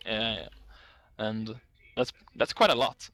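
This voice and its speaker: A man's voice: lowish voice, animated, takes it slowly, bright, forceful tone, no room sound. A man casting an esports match, chatting casually and reading out statistics with frequent laughs. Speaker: esports caster.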